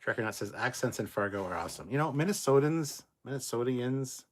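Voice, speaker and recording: A man's voice: mid-range voice, animated, a little fast. A middle-aged man hosting a livestream, reading viewer comments aloud in a casual, loose way and swearing freely. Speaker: livestream host reading chat. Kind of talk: casual live chat reading.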